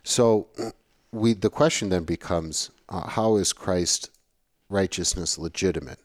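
Deep-voiced man giving a theology lecture. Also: a little slow, no room sound, clean studio sound. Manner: conversational, emphatic, repeats phrases. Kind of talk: recorded classroom lecture.

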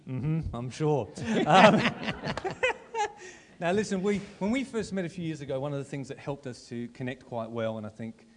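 In a church auditorium, a pastor hosting a service introduces a guest and then interviews him on stage, joking and interrupting himself. His voice is a little high with big pitch swings at normal speed, over a slight hiss or hum.

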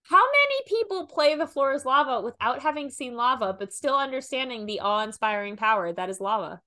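A woman co-hosting a relaxed podcast, trading playful, dry jokes. Her voice sits a little high and sounds very bright and sharp. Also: a little fast. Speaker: podcast co-host. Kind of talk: casual podcast chat.

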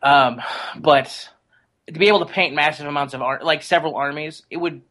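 Man, casual podcast chat, enthusiastic, joking, bright tone. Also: fairly high pitch, steady tone, a little fast, poor audio. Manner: chatty and enthusiastic, jokey. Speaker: guest.

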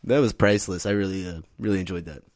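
A man's voice: low-pitched, fast talker, no echo, clean studio sound. A man co-hosting a casual movie podcast, swearing freely and acting out lines from scenes. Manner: animated, swears freely, acts out quotes. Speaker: podcast co-host.

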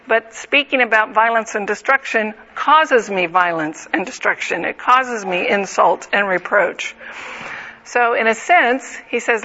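Bright-voiced woman teaching Bible study. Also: fairly high pitch, lo-fi sound. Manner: explanatory and conversational.

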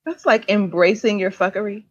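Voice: medium pitch, moderate pace, husky, dry recording. A co-host stretches out their thoughts with easy amusement in a casual chat. The sound is dry and a bit muffled, like a lo-fi recording. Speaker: podcast co-host.

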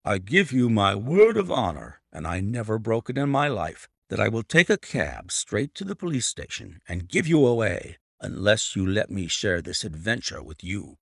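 A man reading an earnest loyal friend, protesting, low gravelly voice. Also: big pitch swings, moderate pace, hardly any pauses, dry recording, studio quality, heavily acted. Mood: determined. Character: earnest, loyal male companion, easily alarmed. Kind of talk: audiobook reading.

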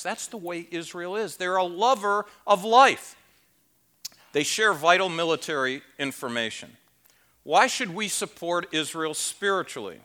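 A man's voice: high-pitched, bright, forceful tone. A man preaching a sermon at a conference, emphatic and conversational, with rhetorical questions and wry asides. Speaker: conference speaker.

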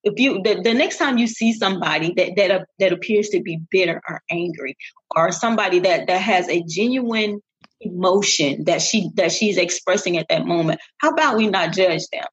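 A woman's voice: on the low side, moderate pace, slightly rough. A woman co-hosting a podcast, speaking emphatically and repeating phrases for effect in casual conversation. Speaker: podcast co-host. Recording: dull lo-fi audio.

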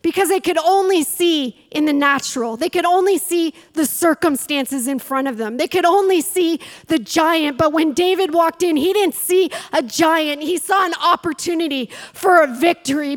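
A woman preaching a sermon, telling a Bible story and acting out its voices, building to fiery challenges. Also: very high voice. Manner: storytelling, acts out quotes, rises to fiery challenges. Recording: long hall reverb.

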